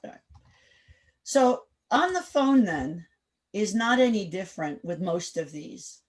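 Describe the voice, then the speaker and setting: A woman leading an interactive online class over a video call, direct and firm, quizzing the group with quick questions. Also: medium pitch, very animated. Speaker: workshop instructor.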